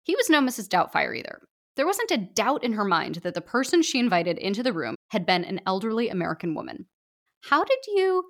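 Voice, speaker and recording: A woman narrates a short story aloud in an expressive storybook style. Her pitch moves in a lively, animated way throughout, with a mid-range voice. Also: fast.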